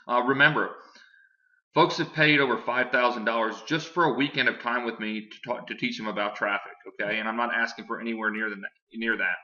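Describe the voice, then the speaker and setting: A man giving a casual, filler-heavy online sales pitch while showing his screen. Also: steady tone, a little fast, bright, forceful tone, lo-fi sound. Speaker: online marketing presenter.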